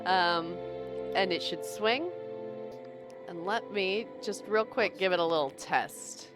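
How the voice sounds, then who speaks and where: A woman's voice: lowish voice, slow pace, over music. A woman streaming a video game, chatty and laughing often in casual commentary.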